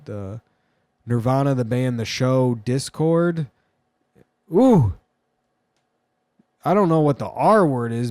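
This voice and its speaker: A man talks through a loose, wandering vlog monologue, full of crude asides and jokes. His voice sits at an ordinary middle pitch. The sound is dry and close, with little room echo. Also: a little mellow. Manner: rambling, meandering, crude and joking. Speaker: vlogger. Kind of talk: rambling casual monologue.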